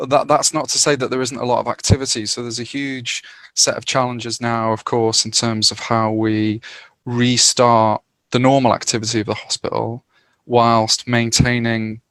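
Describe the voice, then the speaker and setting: A middle-aged male physician answers questions on a podcast, thinking aloud with small hesitations. His mid-pitched voice is recorded dry and close, with no room sound. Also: a bit bright, no echo. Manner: hesitant, measured, with fillers. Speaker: hospital doctor, guest. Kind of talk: casual podcast conversation.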